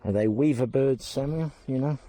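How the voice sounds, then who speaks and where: A man hosting a travel vlog, walking an overgrown historic site and thinking aloud with excited, rambling asides. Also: medium pitch, moderate pace. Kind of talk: casual vlog commentary while walking. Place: outdoors, overgrown hillside.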